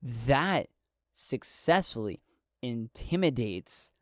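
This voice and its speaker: A man narrating his solo tabletop role-playing game in a relaxed way, thinking aloud as he goes. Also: medium pitch, slow pace, no room sound, studio quality.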